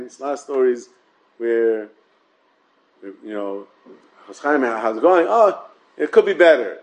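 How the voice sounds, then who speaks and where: Here a Torah teacher runs an informal Talmud class in English, weaving in Hebrew and Yiddish words, repeating phrases, and tossing out "yeah?" and "right?" to check in. His voice is a little high with a darkish tone, captured on a low-quality recording.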